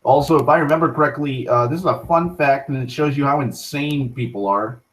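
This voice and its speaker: A young man hosting an online talk show, rambling casually with frequent profanity, restarts and excited tangents. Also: medium pitch, fairly quick, rough recording. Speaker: internet talk show host.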